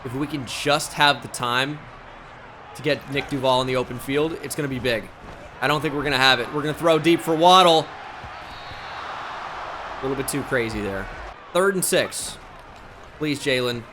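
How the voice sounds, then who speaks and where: A man giving live play-by-play commentary on a football video game, excitable and shouting at big plays. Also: fairly high pitch, moderate pace, background noise. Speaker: gaming YouTuber.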